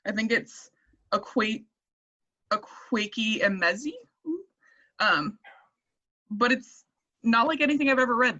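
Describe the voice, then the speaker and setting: A woman, an English teacher guest, chatting casually and thoughtfully on a podcast, pausing with fillers. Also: mid-range voice, bright, forceful tone. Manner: thoughtful, hesitant, many "um" and "like". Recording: dull lo-fi audio.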